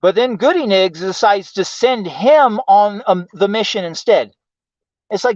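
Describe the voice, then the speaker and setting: This livestream host's voice sits high, a little slow, with a darkish tone and no room sound. Heavily profane and exasperated, his ranting commentary keeps circling back to "why," captured in dull lo-fi audio from a home streaming mic.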